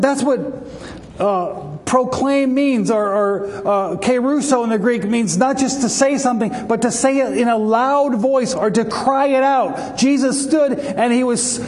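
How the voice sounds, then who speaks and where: A male preacher with a high voice delivers a passionate sermon and lifts his delivery when he quotes scripture. A long reverb trails each phrase, as in a large hall. A faint noise stays under the voice. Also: darkish tone. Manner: passionate, rises for scripture quotes, some restarts.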